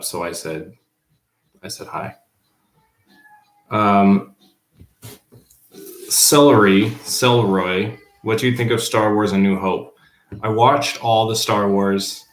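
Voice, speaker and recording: Low-voiced male teacher, chatty, echoey room. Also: slow, pauses often. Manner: reads viewer comments aloud and answers them offhandedly. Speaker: teacher livestreaming to students. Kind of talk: casual livestream chat. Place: at home, below the baby's room. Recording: roomy echo.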